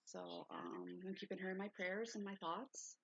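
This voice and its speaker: A woman hosting her own livestream, chatting casually in a low, soft, rambling way from indoors at her mother's home. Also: gravelly, husky, lo-fi sound. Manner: talking low and softly, unhurried and rambling.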